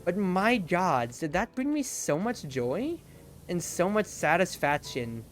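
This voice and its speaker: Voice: mid-range voice, sing-song, slow pace, a little hiss or hum. A young adult streamer telling a long, rambling story in casual stream chat, leaning heavily on "like" as a filler. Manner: rambling storytelling, heavy use of "like".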